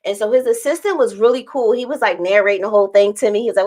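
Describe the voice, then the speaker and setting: A woman's voice: on the high side, fast talker, few pauses. A young woman vlogging to camera in casual storytelling, acting out quoted lines in a raised voice and laughing often.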